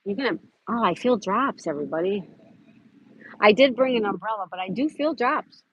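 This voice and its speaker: A woman's voice: mid-range voice, lively intonation, normal speed, muffled recording, a little hiss or hum. A woman hosting a casual live stream outdoors at a park, chatting and greeting viewers by name as she reads their comments. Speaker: livestream host.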